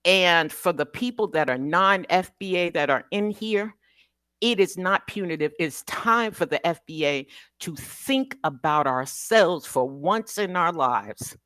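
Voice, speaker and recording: Impassioned woman caller, slow and lively. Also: on the low side, dry recording. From United States. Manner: emotional, preacher-like cadence. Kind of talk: impassioned call-in speech.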